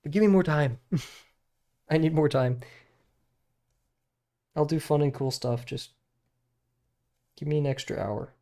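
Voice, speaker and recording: A man's voice: fairly high pitch, slow pace, long pauses, mellow. A young man in his twenties, a streamer talking in a casual, rambling way, often laughing at himself. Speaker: drawing streamer.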